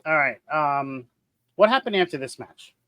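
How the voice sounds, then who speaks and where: A man's voice: a little high, expressive, moderate pace, bright, forceful tone, poor audio. A man hosting a wrestling podcast, asking the other hosts questions and reading out viewer comments. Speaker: podcast host. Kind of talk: casual chat, moderating.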